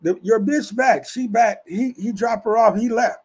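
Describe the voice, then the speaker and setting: A man's voice: high-pitched, moderate pace, slightly rough. A man voicing a young woman worker who hesitantly reports news over the phone, stammering and restarting. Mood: reporting.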